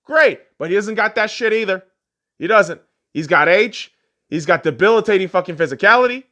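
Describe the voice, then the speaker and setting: A young man hosting a podcast, delivering a profane sports rant that swings between shouting and low muttering. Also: expressive, a little fast. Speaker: podcast host.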